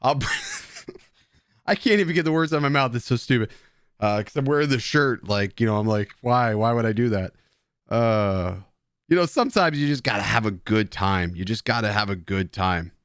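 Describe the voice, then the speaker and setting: A man's voice: medium pitch, huge pitch swings, normal speed, fairly bright tone, no echo, clean studio sound. A man hosting a casual live stream, joking and swearing at his chat while drinking beer. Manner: rambling, joking, profane banter with chat.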